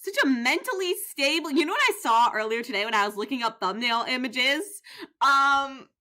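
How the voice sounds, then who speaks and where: A young woman streamer giving playful, goofy commentary on a game, animated and jokey with bursts of shouting. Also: high voice, normal speed. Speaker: gaming streamer.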